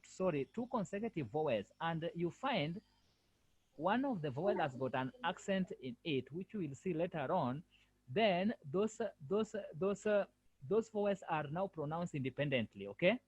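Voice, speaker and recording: A man's voice: on the high side, expressive, moderate pace, a little mellow, breathy edge, dull audio. A male French language lecturer giving an online lesson over a video call, repeating himself and firmly correcting students. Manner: repetitive, firm corrections.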